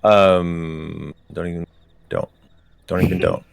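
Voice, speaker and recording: Deep, gravelly game master. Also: male voice, fairly even intonation, slow, dry recording. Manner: hesitant, many ums and restarts. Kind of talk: narrating a tabletop game.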